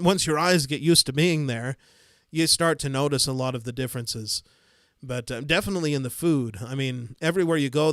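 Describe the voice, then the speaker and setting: A man's voice: mid-range voice, no room sound, clean studio sound. Easygoing Midwestern man on a livestream. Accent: Midwestern American. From United States. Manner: rambling, easygoing, frequent fillers and soft chuckles. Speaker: livestream host. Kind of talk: casual live-stream chat, reading viewer comments.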